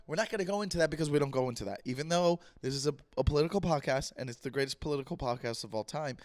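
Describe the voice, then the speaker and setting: A man hosting his own podcast in a loose, jokey monologue, repeating himself, his voice a bit rough this week. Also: a little high, dry recording, clean studio sound. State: voice a bit rough, clearing throat. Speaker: podcast host. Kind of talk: casual solo podcast monologue.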